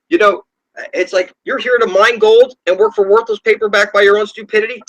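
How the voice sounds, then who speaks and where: A man with a noticeably high voice talks straight to his viewers in a rambling, insistent monologue. He swears freely and hammers his points home, and his pitch leaps up whenever he gets heated. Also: fairly even intonation, brisk, fairly bright tone, muffled recording. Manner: ranting, profane and insistent, with sudden pitch jumps. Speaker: channel host.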